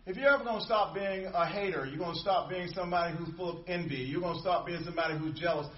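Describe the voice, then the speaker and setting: Male pastor, sermon delivery, emphatic with repetition, a touch high-pitched, lo-fi room recording. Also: quick pace, echoey room, recorded from a distance. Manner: emphatic preaching with repetition and call-and-response.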